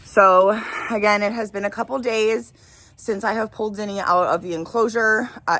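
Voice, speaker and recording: A woman's voice: fairly low pitch, a bit bright. A young woman who runs an animal rescue, talking casually and emotionally in a vlog, with many fillers. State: pregnant. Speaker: wildlife rescue owner.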